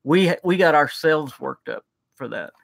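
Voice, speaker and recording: A livestream co-host chats casually on a reaction stream, eager and rambling, often restarting his sentences. His slightly high voice carries a gravelly, fry-laden edge at a moderate pace, and the sound is dry and close with no room echo.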